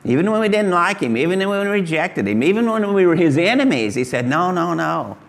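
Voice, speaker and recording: A man's voice: very animated, quick pace. An older man from Kansas, giving an earnest, folksy testimony sermon as a pastor. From Kansas, USA. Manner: earnest, folksy, rises high when voicing Jesus.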